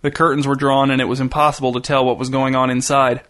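A man narrating a short story in an even, dry reading style. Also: mid-range voice, fast.

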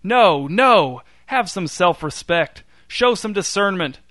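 Man voicing a fussy indignant grump, exasperated and loud. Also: mid-range voice, fairly even intonation, moderate pace, smooth, no echo, clean studio sound, close to an everyday voice. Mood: scolding. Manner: exasperated, scolding.

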